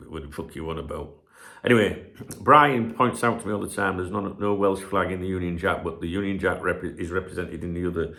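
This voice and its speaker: Gravelly male host, middle-aged, rambling home chat with lots of swearing and a lively, bouncing delivery. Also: deep voice. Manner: rambling, swears freely, loses his train of thought. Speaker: channel host. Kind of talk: casual rambling chat to camera. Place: home room where he streams.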